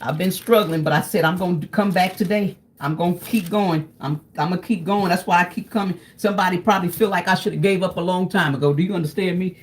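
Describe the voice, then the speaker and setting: A woman's voice: fairly low pitch, fast talker, few pauses. A woman, chatting casually to her viewers while she cooks, calling them "y'all". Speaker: cooking vlogger. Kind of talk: casual cooking vlog chat.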